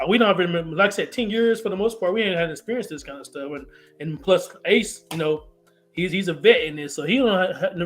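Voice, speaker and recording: A man in casual panel chat, talking loosely with repeats. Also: high-pitched.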